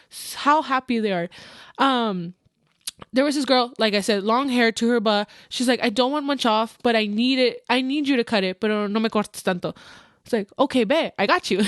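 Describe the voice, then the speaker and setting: Chatty young woman, slightly high voice. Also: no echo, clean studio sound. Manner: chatty, animated, slips into Spanish. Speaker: podcast host and hairstylist. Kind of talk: casual chat.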